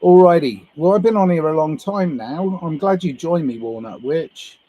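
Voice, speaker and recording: A man's voice: fairly high pitch, lively intonation, normal speed, dark tone, poor audio. A man livestreaming to viewers, musing his way through a loose, meandering monologue and swearing casually.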